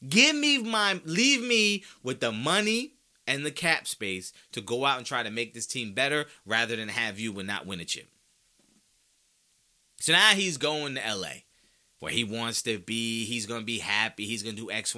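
A man's voice: medium pitch, lively intonation, moderate pace, sharp tone. A man hosting a sports podcast, ranting with strong opinions, casual slang and rhetorical questions. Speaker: podcast host.

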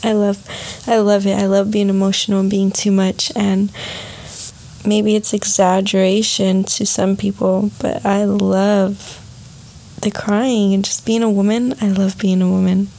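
A young woman vlogging a soft, heartfelt personal reflection on emotions. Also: medium pitch, level tone, a little slow, rough recording.

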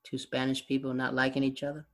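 A man's voice: medium pitch, completely flat delivery, fast. A man hosting a podcast, chatting casually and asking teasing questions. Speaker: podcast host. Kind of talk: casual interview chat.

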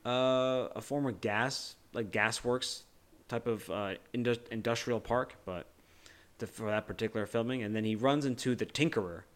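A man's voice: mid-range voice, normal speed. A man co-hosting a casual movie discussion podcast, rambling and joking loosely with many restarts. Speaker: podcast co-host.

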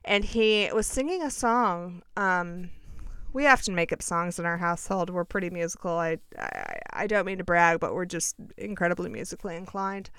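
Chatty woman with a smooth, dry voice. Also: lowish voice, big pitch swings, normal speed, fairly bright tone, no room sound. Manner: chatty, self-mocking, dramatic asides. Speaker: vlogger telling a personal story. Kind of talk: casual storytelling chat.

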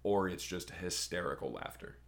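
A man's voice: sits low, normal speed. A young man on a podcast, rambling through a crude story in casual chat. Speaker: podcast co-host.

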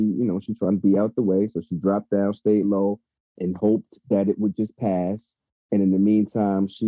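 A man's voice: on the low side, no room sound. A man talking casually and heatedly, swearing freely, as a podcast co-host. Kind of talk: casual chat. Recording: dull lo-fi sound.

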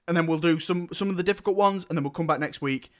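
A man's voice: on the high side, quick pace. A man hosting a casual podcast, rambling and restarting his sentences as he sets up a film tournament. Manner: rambling, self-interrupting, swears casually.

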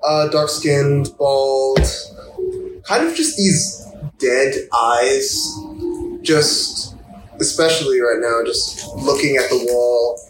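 A man's voice: mid-range voice, slow, music in the background. Laid-back man rambling as a player. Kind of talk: describing his character in a tabletop game. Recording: roomy echo, faint background noise.

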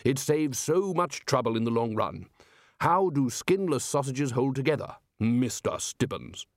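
A man voicing a smug, dismissive male wizard lecturer who speaks slowly. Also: mid-range voice, lively intonation, creaky, dry recording, studio quality.

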